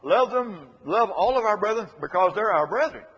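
A man's voice: high voice, expressive, normal speed, fairly bright tone, slightly rough. A man preaching a sermon in an earnest, emphatic way, repeating his key phrases to drive them home. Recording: echoey hall, dull lo-fi sound.

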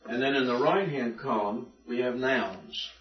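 A man's voice: medium pitch, measured pace. A male teacher giving a patient, methodical classroom lecture, repeating and drilling points for his students. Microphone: room recording from a distance. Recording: distant echoey classroom recording, dull lo-fi.

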